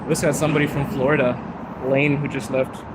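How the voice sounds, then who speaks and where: A man's voice: medium pitch, level tone, fast. A man, live streaming outdoors on a city street into a phone, chatting in a rambling way and laughing often. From Zimbabwe. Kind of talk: casual live-stream chat with viewers. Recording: outdoor traffic noise.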